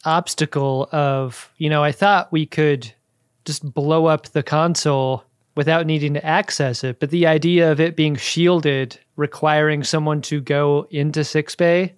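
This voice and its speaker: A man trading wry quips in a casual podcast chat about a show. His voice sits a little above the usual male pitch. The recording is dry and close-miked. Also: steady tone, a little slow, clean tone, no echo. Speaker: podcast co-host. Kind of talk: casual episode recap chat.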